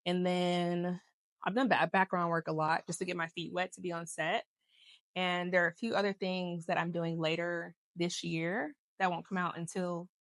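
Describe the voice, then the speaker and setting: A woman with a lowish voice co-hosts a podcast, chatting casually about her work and life. She laughs a lot and wanders off on tangents, and there's no echo on the recording.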